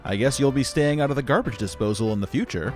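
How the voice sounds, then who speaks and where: A man's voice: medium pitch, fast, a little mellow, faint music behind, natural voice. A man voicing the sarcastic narrator of a sci-fi adventure game, mocking the player's failures in a wry tone.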